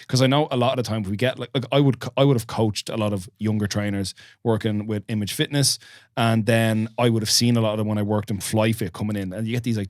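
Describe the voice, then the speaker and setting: A man hosting a podcast, chatting in a relaxed, reflective way and thinking aloud with some casual swearing. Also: lowish voice, no room sound, clean studio sound. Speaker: podcast host.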